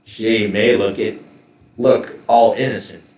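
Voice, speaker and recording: A man voicing a gruff male military operative who grumbles and apologizes after being scolded. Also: fairly low pitch, fairly even intonation, takes it slowly, a little mellow, reverberant, distant mic. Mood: grumbling. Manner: grumbling, sheepish.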